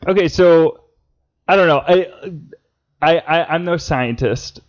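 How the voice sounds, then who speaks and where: A man in his twenties chatting on a podcast as co-host, excitable, swearing and restarting his sentences. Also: on the high side, slow. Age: 20s. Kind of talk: casual chat. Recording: dull lo-fi podcast audio.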